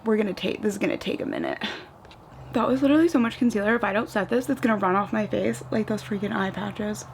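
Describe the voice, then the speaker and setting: In a medium-pitched voice, with a bit of hiss or hum on the recording, a young East Coast vlogger talks while putting on her makeup at home. It's a casual get-ready-with-me chat, heavy on "like," with animated little retellings.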